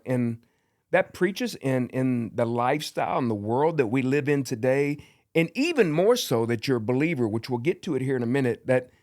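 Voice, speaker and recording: A man hosting a faith and sports podcast, asking questions in an admiring way with frequent restarts. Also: mid-range voice. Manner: warm, admiring interviewer with halting restarts. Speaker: podcast host. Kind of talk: podcast interview.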